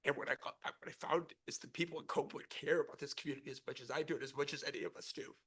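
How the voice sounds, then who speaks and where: A man's voice: fairly high pitch, steady tone, very fast, fairly bright tone, breathy edge. A middle-aged man who grew up in the St. Louis area, giving an impassioned, rambling speech as a real estate investor at a city council meeting. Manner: earnest, rambling, repeats and restarts words.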